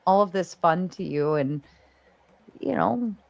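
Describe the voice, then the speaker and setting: A woman's voice: on the low side, animated, slow, gravelly, no echo, highs cut off. A woman hosting a live-stream panel, teasing her guests and playfully reading out donations. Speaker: stream host.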